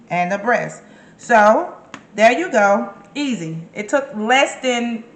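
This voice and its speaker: A woman's voice: medium pitch, fairly bright tone, roomy sound, slight background noise. A woman giving a casual, chatty cooking demonstration in her kitchen, encouraging the viewer with emphatic repeated words. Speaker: home cook and caterer.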